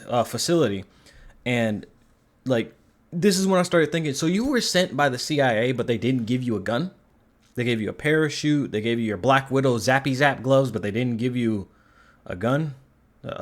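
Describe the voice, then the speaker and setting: A man giving a casual spoken film review, rambling and sarcastic, swearing casually. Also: medium pitch. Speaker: movie reviewer.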